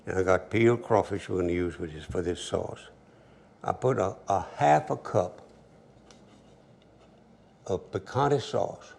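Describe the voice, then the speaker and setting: Give me an older man with a deep gravelly drawl, chatting through a cooking demo. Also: unhurried, pauses often. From Louisiana. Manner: relaxed drawl, storytelling asides. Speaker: cooking show host. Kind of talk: folksy cooking demonstration.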